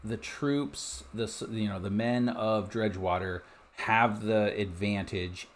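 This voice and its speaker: Male game master, lowish voice, loose, rambling narration. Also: steady tone, takes it slowly. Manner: rambling, with many "you know" asides.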